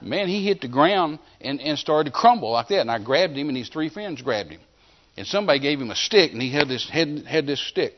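Man, evangelist preacher, rapid animated storytelling, slightly high voice, muffled lo-fi recording. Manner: animated storyteller who acts out scenes and shouts commands. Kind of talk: sermon testimony storytelling. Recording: dull lo-fi sermon recording.

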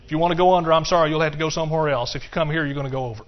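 A man preaches in a church, swinging between quiet explanation and emphatic cries of hallelujah. His voice sits a little higher than usual for a man. The recording is muffled and lo-fi. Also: racing. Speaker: pastor. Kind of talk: sermon.

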